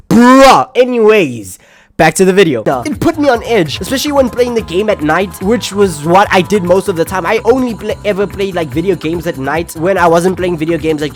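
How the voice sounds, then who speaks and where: Young South African guy, high voice, animated and profane, faint music behind. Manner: animated, profane, laughing at himself. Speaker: gaming video creator. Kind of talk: casual storytelling commentary.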